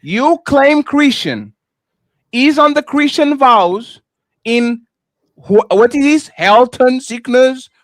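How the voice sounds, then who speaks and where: A man hosting a heated panel debate, animated and pushing his questions again and again. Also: very high voice, slow, no echo. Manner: animated, repetitive, pressing questions. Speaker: host.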